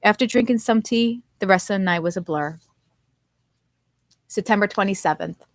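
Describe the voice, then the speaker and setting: A woman reads her own novel aloud in a lively first-person storytelling voice. Her pitch sits in the middle range. The recording is dry and close, with no room echo. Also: normal speed. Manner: expressive first-person narration. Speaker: author.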